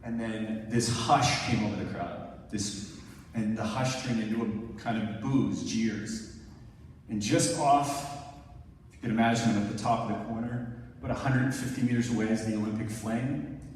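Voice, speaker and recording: A man in his thirties from Canada, a former Olympic sprinter, gives a conversational talk to an audience, narrating video clips and asking a helper to play or pause them. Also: lowish voice, slight background noise. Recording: echoey hall from far off, faint ambience.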